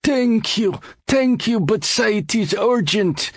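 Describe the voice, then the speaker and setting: A man voicing an excitable, nervous male accomplice who speaks in a high, strained, pleading voice. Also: takes it slowly, dry recording, heavily acted.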